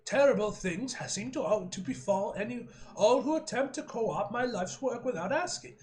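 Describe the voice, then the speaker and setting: A man voicing an imperious older woman scientist who makes cold, drawn-out threats and stumbles while reading. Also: high voice, lively intonation, a little mellow. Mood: menacing. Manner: haughty, drawn-out threats with halting reading slips.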